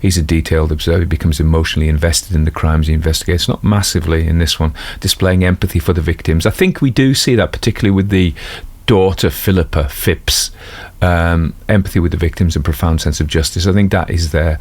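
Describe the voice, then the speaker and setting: With a deep voice and a fast delivery that leaves hardly any pauses, an audiobook narrator with a Geordie accent, from North East England, gives casual spoken commentary on a detective series. He rambles in a self-deprecating way, using many fillers and asides.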